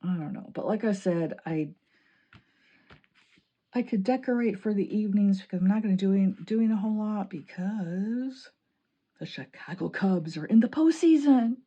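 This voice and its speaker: A woman from Illinois chatting excitedly while decorating her planner, laughing often. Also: mid-range voice, normal speed, highs cut off. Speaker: planning vlogger. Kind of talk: chatty crafting vlog.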